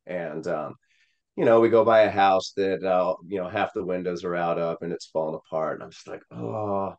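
A man with a low voice and a slightly dull sound tells a heartfelt story from his childhood. He rambles, using lots of "uh" and "you know," and drops into quoted voices of people he met. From Missouri. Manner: rambling with many fillers, quoting voices. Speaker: Senate candidate. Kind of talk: emotional personal storytelling.

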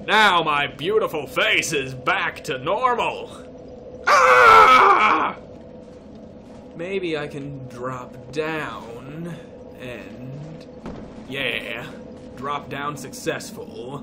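A man narrating his own gameplay in a mock-posh, put-on English accent, drawling his words slowly. His voice sits a little high for a man, and he keeps taunting and scolding the enemies he fights. Clear game music plays behind him. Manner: playful, mock-posh, swears, talks to enemies. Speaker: gameplay commentator. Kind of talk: let's play commentary.

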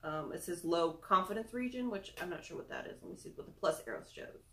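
A woman's voice: lowish voice, lively intonation, fast talker, bright, forceful tone. Young woman rambling thru a review, giggly, kinda echoey room. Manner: chatty, self-deprecating, giggly asides. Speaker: product reviewer. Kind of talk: casual screen-recorded review.

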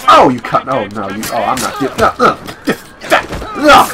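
A young man giving casual, excitable, swearing commentary on his video game play. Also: medium pitch, slow pace, long pauses. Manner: excitable, swearing, talks to himself. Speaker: gameplay commentator. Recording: game music playing underneath.

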